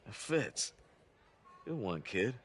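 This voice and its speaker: A blunt, gruff man in a video game cutscene. His voice sits very low and deep, and he speaks in short, curt lines. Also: big pitch swings, takes it slowly, a little hiss or hum.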